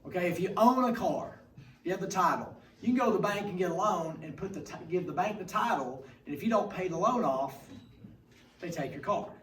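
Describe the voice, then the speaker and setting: A man's voice: high voice, lively intonation, fairly quick, fairly bright tone. A man teaching a class in a rambling, folksy way, with corny jokes. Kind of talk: classroom lecture. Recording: echoey room, mic far off, noisy.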